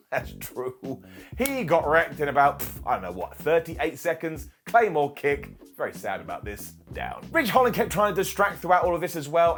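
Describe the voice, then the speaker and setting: A man hosting a casual wrestling review, sarcastic, animated and joking. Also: a little high.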